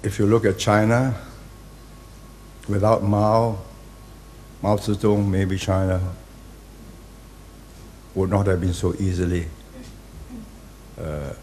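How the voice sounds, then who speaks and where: A man, giving a public speech in deliberate, halting phrases and hitting key words hard. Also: lowish voice, flat delivery, darkish tone, a little hiss or hum. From Singapore. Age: 80s. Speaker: invited speaker.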